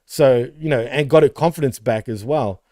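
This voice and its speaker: A man's voice: mid-range voice, moderate pace, dark tone, no room sound, clean studio sound. A man co-hosting a wrestling podcast in casual chat, laughing often and swearing freely. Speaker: podcast co-host.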